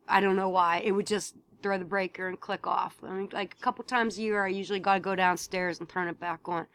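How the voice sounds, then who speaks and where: A woman's voice: mid-range voice, fairly even intonation, brisk, fairly bright tone. Blunt, swearing woman telling a home story. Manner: blunt, swears freely, repeats herself, rising to emphatic outbursts. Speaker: vlogger. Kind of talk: casual storytelling to camera.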